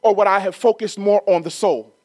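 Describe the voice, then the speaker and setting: A man's voice: high-pitched, fairly quick, darkish tone, no echo. Man preaching with a story. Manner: conversational storytelling building to emphatic preaching. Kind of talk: storytelling sermon.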